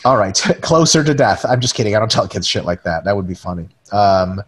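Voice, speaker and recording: A man's voice: fairly low pitch, brisk. A man co-hosting a webinar, chatting casually and profanely, joking around and reading viewer questions aloud. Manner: swears freely, jokey, reads questions aloud. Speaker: podcast co-host.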